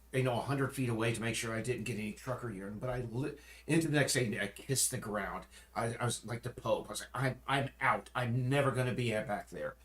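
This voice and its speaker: A man chatting casually on a livestream, rambling and often restarting and correcting himself mid-sentence. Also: mid-range voice. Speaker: streamer. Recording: roomy echo.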